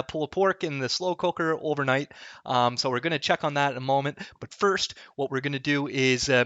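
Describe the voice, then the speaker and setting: A man's voice: on the high side, a bit bright, dry recording, lo-fi sound. A man, chatting casually through a home cooking vlog, rambling and poking fun at himself. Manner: self-deprecating, joking, rambling. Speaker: cooking vlogger. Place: home kitchen.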